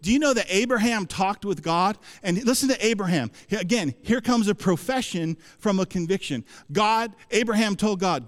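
High-voiced impassioned male preacher. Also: lively intonation, moderate pace, hardly any pauses, long reverb tail. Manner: impassioned, rising into bursts and dropping low, asks the congregation questions. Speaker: pastor. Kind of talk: sermon.

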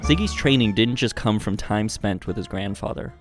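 A man reading scripted documentary narration in a measured, even way. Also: fairly low pitch. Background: soft guitar music.

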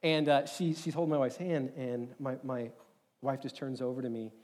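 A young man telling a personal story in a sermon, animated and rambling, with many filler words. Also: medium pitch, moderate pace. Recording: long hall reverb.

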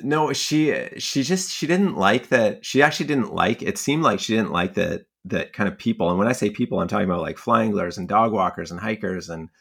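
Rambling low creaky male storyteller. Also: fairly quick, hardly any pauses, fairly bright tone. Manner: rambling, heavy on filler words, laughs often. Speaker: guest, fly angler and magazine writer. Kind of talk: casual storytelling in conversation.

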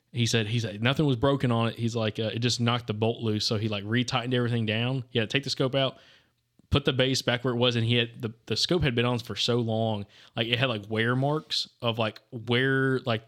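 Casual male co-host, rambling storyteller who keeps saying "dude", mid-pitched voice. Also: a bit bright. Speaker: podcast co-host. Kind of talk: casual hunting chat.

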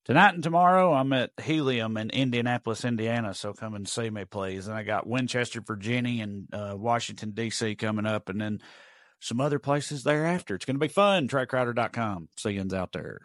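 A man's voice: mid-range voice, brisk, no echo, studio quality. A man who is a stand-up comedian and podcast co-host, talking bluntly and profanely in casual chat. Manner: blunt, profane, trailing off quietly.

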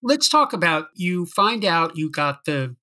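Bright-toned chatty interviewer. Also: mid-range voice, very animated, a little slow. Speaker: interviewer and producer. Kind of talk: casual interview chat.

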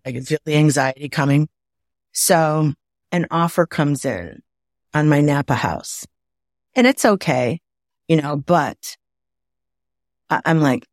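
Low-voiced woman telling lively stories. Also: measured pace, dry recording, clean studio sound. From Midwest of the United States. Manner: lively anecdotes, acts out her own inner voice. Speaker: guest. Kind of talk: conversational storytelling. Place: home, indoors.

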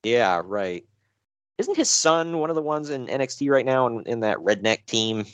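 A man co-hosting a casual podcast chat, recapping wrestling shows in an animated, joking way with frequent laughs. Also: normal speed, no echo. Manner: animated, laughing, swearing, jumps in pitch.

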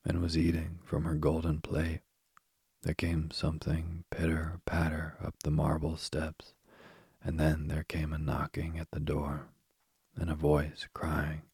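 A man reading a fairy tale aloud at a slow, even pace. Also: rumbling low, slightly rough, no echo. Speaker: narrator. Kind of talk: storybook reading.

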